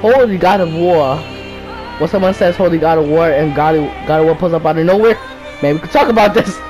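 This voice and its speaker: A man's voice: a little high, a little fast, over music, low-quality recording. A man hosting a casual game commentary video, rambling in slang with many restarts. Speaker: gaming video host.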